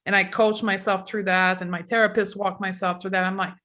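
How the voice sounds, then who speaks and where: A woman hosting a podcast panel, steering the talk with direct questions and quick affirmations. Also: medium pitch, little pitch movement, fairly bright tone. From Canada. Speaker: podcast host. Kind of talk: casual panel discussion.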